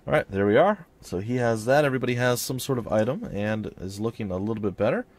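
A man's voice: mid-range voice, animated, quick pace, a little mellow. A young man hosting a let's play, chatting casually about his choices and reading the game's text aloud. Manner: chatty, reads in-game text aloud and voices characters lightly. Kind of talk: casual gameplay commentary with dialogue read aloud.

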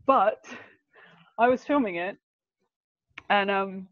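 A young woman telling stories as a podcast guest. She talks in an animated, emotional way, with big jumps in pitch. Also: takes it slowly, dry recording. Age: young adult. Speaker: guest, documentary filmmaker. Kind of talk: conversational podcast storytelling. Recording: dull lo-fi sound.

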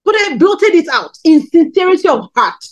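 A Nigerian woman in her thirties preaches, candidly sharing her personal testimony at a normal speed. Her pitch swings animatedly as she tells the story, though the audio quality is poor.

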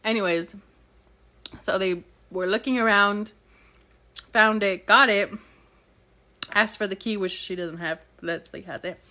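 A woman's voice: medium pitch, fairly even intonation, measured pace, long pauses, sharp tone. A young woman chatting casually as she recaps a novel for her book club, gushing and acting out characters' lines.

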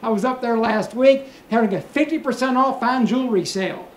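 A man's voice: extremely high pitch, fairly quick, a little hiss or hum. Guy doing standup on a cruise ship, storytelling w/ punchlines, echoey room, faint ambience. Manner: storytelling with punchlines, mock-earnest asides. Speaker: stand-up comedian. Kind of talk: stand-up comedy set. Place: cruise ship show lounge. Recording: echoey live show room. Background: audience laughter.

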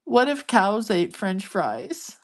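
An older woman voicing her little grandson in a high, sing-song childish voice. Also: very animated, slow. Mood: cheeky. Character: giggly little boy, cheeky and curious.

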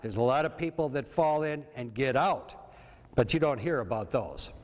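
A Minnesota man gives an informal talk on septic systems to an audience, frequently checking in with his listeners. His mid-range voice is expressive and his speed normal, with the long reverb of a hall around him.

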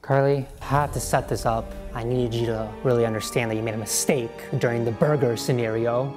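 A man's voice: medium pitch, fairly quick, hardly any pauses, over music. A young man filming a prank vlog who teases his girlfriend in a mock-stern, playful way.

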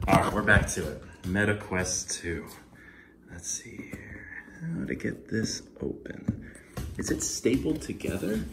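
Young male vlogger, low voice, slow delivery, effortful grunts and whispered muttering, noisy home recording. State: strained and out of breath. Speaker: product reviewer. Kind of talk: comedic unboxing vlog.

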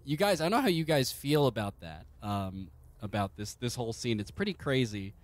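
Male game master, mid-pitched, rambling comedic narration. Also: expressive, no echo. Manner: rambling, halting, amused.

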